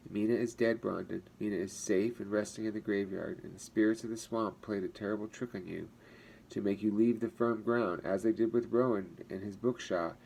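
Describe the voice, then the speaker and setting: A strong, gentle man speaks slowly and calmly, as a storybook narrator voices him. His voice is low, dark and mellow. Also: gravelly, a little hiss or hum, poor audio.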